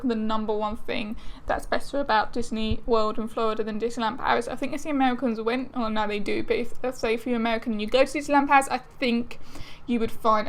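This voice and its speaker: Chatty young woman vlogger, fairly high voice. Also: vocal fry, a little hiss or hum. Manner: chatty and exasperated, lots of fillers. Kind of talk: casual chat to camera.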